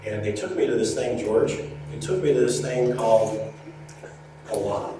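A man's voice: medium pitch, moderate pace. Pleading male preacher in echoey hall. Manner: earnest pleading preacher, acts out dialogue in story. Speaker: pastor. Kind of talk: sermon with storytelling. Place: church hall. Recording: echoey hall, distant mic, noisy ambience.

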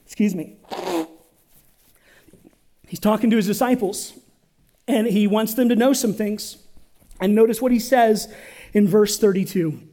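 A male pastor preaching a sermon in church, calling on the congregation to respond and swinging from loud to hushed. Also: high voice.

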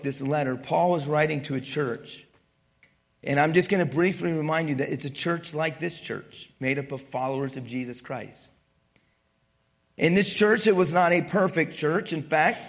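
A man preaching a sermon as pastor, reading scripture with emphasis, dropping into quiet asides and light jokes. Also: on the high side, gravelly. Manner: animated preaching, swings from loud emphasis to quiet asides, joking.

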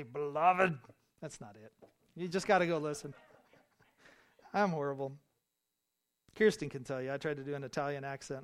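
A male pastor delivering a sermon in a church, building to loud, emphatic repeated phrases. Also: a little high. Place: church sanctuary.

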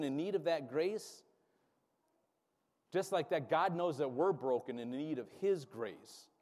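A man's voice: mid-range voice, a little mellow. A man preaching a sermon who keeps checking in with his congregation and has them repeat phrases after him. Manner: call-and-response, checking in with the congregation. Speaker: pastor. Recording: reverberant hall sound.

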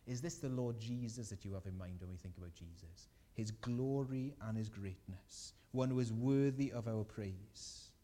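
A man preaching a sermon in a church hall, lively and emphatic, often asking his listeners questions. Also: lowish voice, moderate pace, few pauses.

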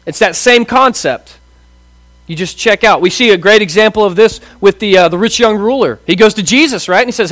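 Thirtysomething pastor guy, kinda high voice, dry close sound, chatty sermon w/ lots of "right?". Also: animated, fairly quick, fairly bright tone, no room sound. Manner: casual, asks rhetorical questions, acts out quoted voices. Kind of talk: conversational sermon.

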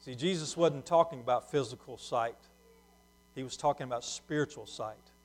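In his sermon, the man's medium voice drops to a slow hush at times, then rises to loud, emphatic declarations.

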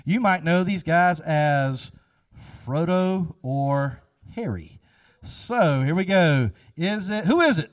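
A man's voice: on the high side, expressive, slow pace, dry recording, studio quality, distant mic. A man leading a casual, chatty sermon after an audience guessing game, upbeat and repeating himself.

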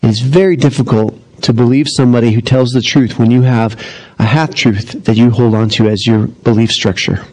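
A middle-aged man preaching a sermon as pastor, in a conversational, animated storytelling manner. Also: mid-range voice, moderate pace, rough recording.

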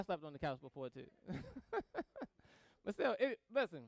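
A man preaching a sermon in a casual, animated way, acting out both sides of conversations and laughing as he tells stories. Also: sits high, measured pace, gravelly, long pauses, dry recording. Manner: casual slang-filled delivery with laughter. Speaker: pastor.

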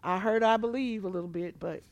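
Moving briskly with a medium pitch, this female pastor tells her own testimony during a sermon. She alternates hushed, quiet storytelling with loud bursts of emotion.

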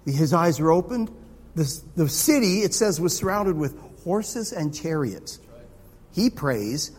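A man preaching a sermon in a conversational, animated way. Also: on the high side, moderate pace, slightly rough. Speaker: pastor. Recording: long hall reverb.

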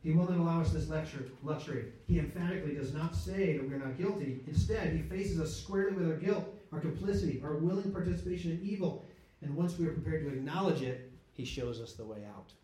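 A man's voice: a little high, quick pace, mellow. A man teaching from a Bible passage in a conversational way, asking rhetorical questions and correcting himself as he goes. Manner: asks rhetorical questions, checks in with listeners; restarts and self-corrects mid-sentence. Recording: very echoey room, speaker far from mic.

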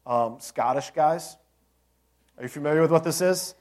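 A man's voice: mid-range voice, moderate pace, darkish tone. A man preaching a sermon as a pastor, conversational, with joking asides and rhetorical questions to the congregation.

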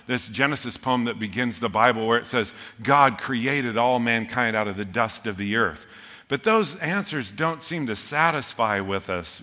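Bright-voiced male pastor in a reverberant hall. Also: medium pitch. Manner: conversational and humorous, swinging from loud emphasis to hushed earnestness. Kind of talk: sermon. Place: church.

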